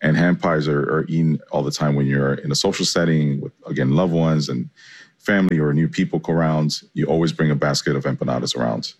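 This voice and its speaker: Man, extremely low voice, chef guest, loose and enthusiastic. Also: steady tone, a little fast, muffled recording. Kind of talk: casual interview answers.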